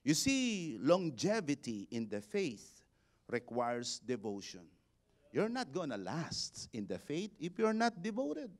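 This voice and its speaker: A man, a bishop preaching a sermon, building to shouted exhortations and leading the congregation in call-and-response. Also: on the high side, wildly swooping pitch, slow. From Philippines.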